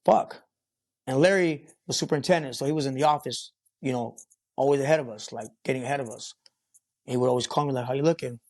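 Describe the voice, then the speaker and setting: Rambling and swearing, a construction foreman fills a work story with fillers while guesting on a podcast. He talks fast in a mid-range, slightly dark voice, in a loose storytelling interview.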